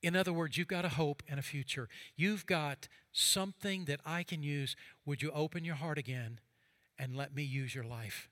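Bright-voiced man preaching a sermon. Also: a little high, moderate pace, no echo. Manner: preaching with rising fervor and hushed quiet passages; reads scripture aloud dramatically. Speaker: pastor.

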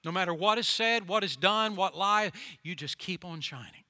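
A preacher voicing a calm wise old farmer. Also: male voice, high voice, normal speed.

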